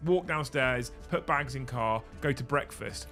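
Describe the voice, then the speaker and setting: A man's voice: medium pitch, a little slow, hardly any pauses, bright, forceful tone, soft background music. A British man hosting a casual stream, ranting comically and swearing freely. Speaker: streamer host. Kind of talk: casual comedic rant.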